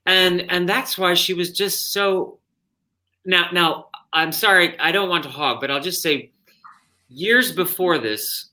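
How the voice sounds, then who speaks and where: A man, a stage actor guest, telling stories in an interview, animated and often interrupting himself. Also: sits high, unhurried. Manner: animated, self-interrupting storyteller. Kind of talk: anecdotal interview storytelling.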